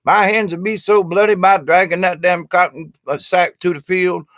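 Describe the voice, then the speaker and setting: A man's voice: high voice, steady tone, normal speed, fairly bright tone, no room sound, studio quality, pitched above the performer's own voice. A man voicing an old male sharecropper, speaking in an emphatic, folksy drawl. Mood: aggrieved. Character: old Southern male sharecropper recalling hard labor.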